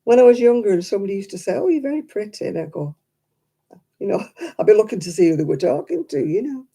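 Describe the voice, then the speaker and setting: A woman's voice: mid-range voice, expressive, fast talker, mellow, breathy edge. A woman chatting casually to her live stream audience, rambling and self-deprecating.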